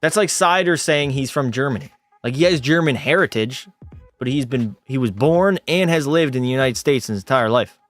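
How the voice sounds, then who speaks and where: A man's voice: moderate pace, soft background music. A Canadian man casually chatting on a game livestream, reading out and answering viewer messages in a bantering way. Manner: chatty, bantering with chat, animated jumps in pitch. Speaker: gaming streamer.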